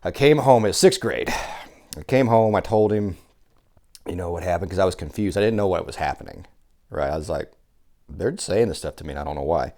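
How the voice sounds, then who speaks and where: Deep-voiced guy on a podcast, animated storyteller, swears a lot, does the voices of people in his stories. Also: brisk. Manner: animated, swears freely, acts out quoted people. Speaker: survival instructor, podcast guest. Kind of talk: casual storytelling chat.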